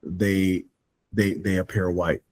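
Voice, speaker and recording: A man's voice: deep voice, flat delivery, slow, a little mellow. A man speaking as an interview guest, emphatic and insistent, often repeating words as he presses a point and acting out imagined questions. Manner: acts out imagined questions in a raised voice. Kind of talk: interview conversation.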